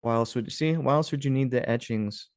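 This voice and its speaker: A history video host with a mid-range voice comments casually over old etchings and clippings, musing loosely at a fairly quick clip. He drops frequent sarcastic asides, chuckles, and calls viewers "guys". The sound is clean, close and dry, with no echo or room.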